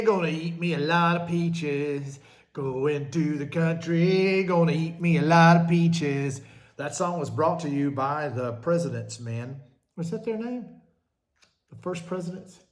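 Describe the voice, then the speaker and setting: A middle-aged man who is a minister, talking casually in a rambling, jokey monologue that keeps getting sidetracked and is full of fillers. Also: mid-range voice. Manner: chatty, jokey, easily sidetracked, many fillers. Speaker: minister hosting a show.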